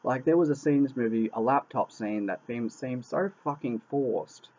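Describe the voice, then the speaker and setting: A man's voice: medium pitch, moderate pace, darkish tone. A man giving a casual spoken film review. He sounds exasperated, swears a lot and keeps repeating himself. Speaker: movie reviewer. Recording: dull lo-fi recording.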